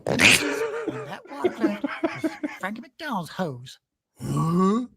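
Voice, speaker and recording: A woman's voice: medium pitch, very animated, slow pace, vocal fry, heavy background noise, heavily acted. A woman voicing a foul-mouthed, hot-tempered man who rants and threatens, referring to himself in the third person. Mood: aggrieved rant. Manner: threatening, profane, ranting.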